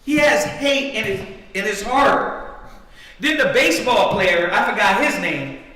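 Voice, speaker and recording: A man teaches scripture with fiery preaching energy, throwing rhetorical questions at his listeners. His voice sits high and sounds bright and cutting. It rings with long echo in a big hall, picked up from some distance. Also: lively intonation, measured pace. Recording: echoey hall, mic at a distance.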